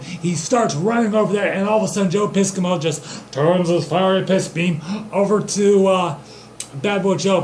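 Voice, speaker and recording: A man's voice: high voice, roomy sound, slight background noise. A young man improvising an absurd, profane comedic story, rambling and loosely voicing the characters he quotes.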